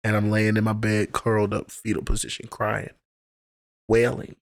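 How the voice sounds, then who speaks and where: A man's voice: lowish voice, monotone, normal speed, vocal fry. Candid young man telling stories. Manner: candid, heartfelt storytelling with casual profanity. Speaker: podcast guest, poet and teacher. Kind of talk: casual podcast conversation.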